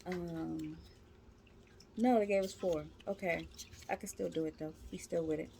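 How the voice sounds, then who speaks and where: A woman's voice: lowish voice, steady tone, unhurried, gravelly, noisy background. A woman giving a casual tarot reading, talking to her viewers in a chatty, slangy, encouraging way. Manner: slangy, informal speech. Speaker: tarot reader.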